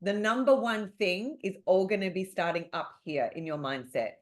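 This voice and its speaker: A woman's voice: mid-range voice, normal speed. Australian woman coach, punchy motivational webinar delivery over a video call. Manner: energetic, motivational, emphatic repetition. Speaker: real estate sales coach. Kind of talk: webinar teaching.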